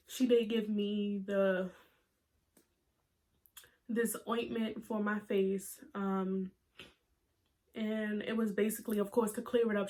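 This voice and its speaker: A young woman in her twenties telling a personal story to her camera, halting and emotional as she holds back tears. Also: medium pitch, darkish tone. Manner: halting, many fillers and restarts. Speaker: vlogger.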